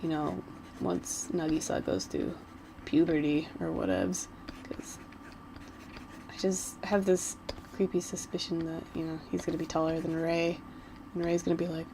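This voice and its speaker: A woman's voice: sits low, normal speed, vocal fry, pauses often, background noise. A woman vlogger chatting casually while she doodles, rambling and giggling like a gushing fan.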